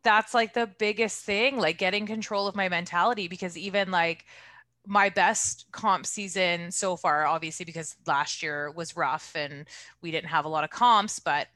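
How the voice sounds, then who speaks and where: A woman's voice: fairly low pitch, moderate pace, bright, forceful tone, dry recording. A woman in casual chat, talking candidly and chattily as a strength athlete.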